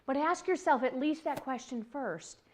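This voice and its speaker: A woman giving a motivational talk on workplace communication, chatty and lively, laughing easily and acting out the voices she quotes. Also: high-pitched, normal speed.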